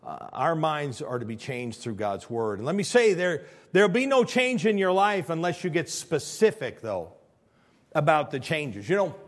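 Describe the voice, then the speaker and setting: A male pastor preaching a sermon, swinging between near-shouts and hushed tones, often repeating phrases and restarting. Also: a little high, lively intonation, moderate pace.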